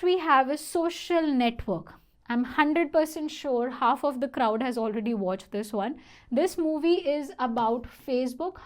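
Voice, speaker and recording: A young woman with a bright, high voice talks through an online English lesson. She chats loosely, keeps asking "okay?", and stops now and then to apologize and fix a slip. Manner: chatty, asks "okay?" often, apologizes for slips. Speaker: English teacher.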